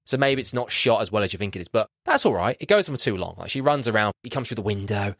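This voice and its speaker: Animated man reviewing a film. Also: lowish voice, fast, dry recording, studio quality. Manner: animated, swears casually, acts out his reactions. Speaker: podcast host. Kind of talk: casual film review chat.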